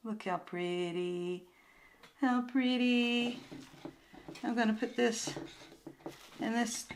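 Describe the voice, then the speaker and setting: Older woman with a Southern drawl, rambly unboxing chat on a handheld phone, easy unhurried pace. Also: on the high side, fairly even intonation, slight background noise, rough recording. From Southern United States. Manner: rambling, chatty, often trails into soft murmurs. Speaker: crafts vlogger and booth vendor. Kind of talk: casual unboxing chat to camera. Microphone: handheld phone camera.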